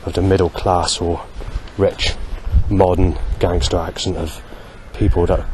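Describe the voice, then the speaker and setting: A man vlogging a spoken diary outdoors, halting and correcting himself as he goes. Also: sits low, little pitch movement, darkish tone, slight background noise. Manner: halting, with many restarts and self-corrections. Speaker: vlogger recording a daily log.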